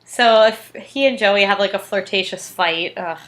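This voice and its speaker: Recapping an episode with her podcast partner, a young woman giggles and laughs, leaning heavily on fillers. She speaks at normal speed in a medium-pitched, somewhat bright voice, and the audio quality is poor.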